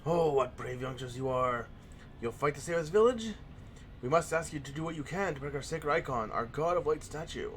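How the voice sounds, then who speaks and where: A man voicing a cautious elderly male village chief in a slow, measured way while reading game dialogue. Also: fairly high pitch, expressive, slight background noise, close to an everyday voice. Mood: grateful.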